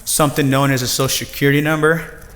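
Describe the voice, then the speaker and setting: A man in his thirties giving a personal storytelling talk to an audience, lively and acting out the voices of others. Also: mid-range voice, fast talker, a little hiss or hum. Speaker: nonprofit director giving a talk. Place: large former factory floor before an audience. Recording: long reverb of a large hall.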